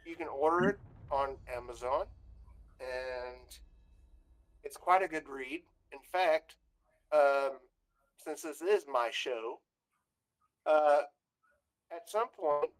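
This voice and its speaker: Slow-talking profane man rambling. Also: on the high side. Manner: profane, animated storytelling. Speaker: guest on a talk stream. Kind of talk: rambling casual chat.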